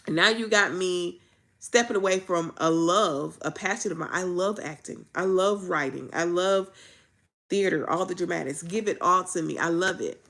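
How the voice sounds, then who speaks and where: Woman vlogger, gravelly, low-set, preachy and repetitive in delivery. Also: normal speed, a bit bright. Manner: raw, emphatic, preachy, repeats phrases. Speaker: faith vlogger. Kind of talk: candid faith vlog.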